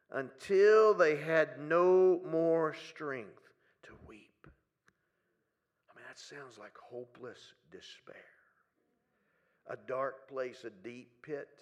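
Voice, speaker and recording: A man preaching a sermon to a congregation in a church hall, dropping to hushed near-whispers and rising to loud, pleading cries, often stretching his words slowly. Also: on the high side. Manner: slow, drawn-out phrasing.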